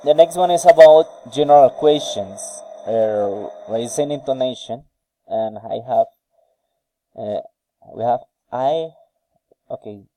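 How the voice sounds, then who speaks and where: A man reading intonation drill sentences aloud slowly and carefully for a phonetics task, with a few hesitant fillers. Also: medium pitch, mellow, low-quality recording. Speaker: student recording a phonetics task.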